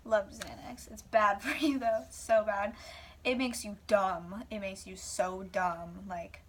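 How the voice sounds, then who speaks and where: A woman's voice: medium pitch, steady tone, measured pace, distant mic, slight background noise. A young woman vlogger rambling casually through a personal story, full of "like"s and whispered asides.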